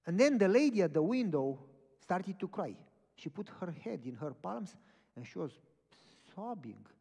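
A man's voice: high-pitched, normal speed, gravelly, slightly rough. A man preaching, telling a personal story and acting out the dialogue. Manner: animated, acts out dialogue in stories. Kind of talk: storytelling sermon. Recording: echoey hall from far off.

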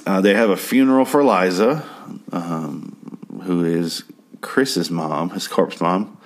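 Man, very low voice, profane, sarcastic, rambling TV recap. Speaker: TV episode reviewer. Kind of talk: casual spoken recap and review.

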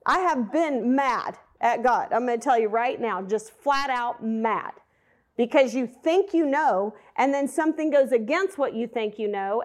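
A woman preaches a Bible message. She talks candidly and conversationally, often turning to ask her listeners questions. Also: sits high. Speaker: Bible teacher. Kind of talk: sermon.

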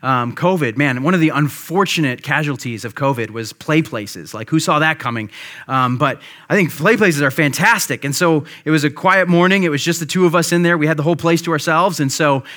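A man in his thirties, a pastor, preaching a sermon and telling a personal story in a relaxed, conversational way with frequent fillers. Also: fairly high pitch, brisk.

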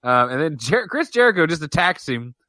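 A man co-hosting a wrestling podcast, chatting casually with a bright, forceful edge. He gets animated, laughs often, and trails off mid-thought. The sound is dry and close-miked. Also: on the high side, fairly quick, no echo. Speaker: podcast co-host. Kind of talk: casual wrestling review chat.

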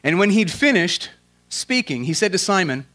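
A man preaching a sermon as a pastor, in a casual, slangy way, swinging from loud emphatic questions to quiet, earnest prayer. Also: sits high, very animated, normal speed.

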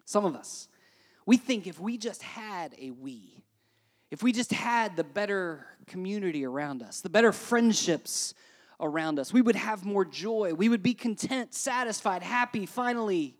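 A pastor preaching a sermon in a chatty, animated way, often checking in with "right?" and swinging between quiet and loud. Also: medium pitch, measured pace. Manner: conversational, with frequent "right?" asides.

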